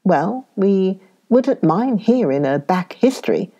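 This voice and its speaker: A woman voicing a lively, impulsive young woman adventurer who is quick to exclaim, in a storybook reading. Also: medium pitch, lo-fi sound, heavily acted. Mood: eager.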